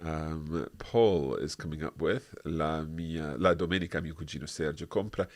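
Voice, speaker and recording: A man's voice: very deep voice, moderate pace. A man co-hosting a live online language lesson, chatty and prone to correcting himself with a laugh.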